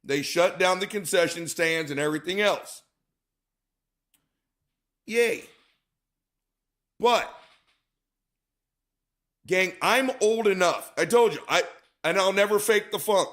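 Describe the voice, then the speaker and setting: Man, high-pitched voice, co-host, casual monologue, chatty and profane. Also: takes it slowly, long pauses, fairly bright tone. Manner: chatty storyteller, profane, calls audience "gang". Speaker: show co-host.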